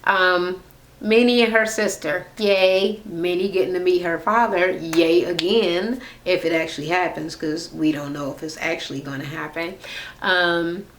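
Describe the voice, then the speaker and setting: A young adult woman vlogging a casual rant recap of a reality show, profane and animated, imitating the people she retells from a home room on a camera mic. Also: lowish voice, moderate pace, slight background noise.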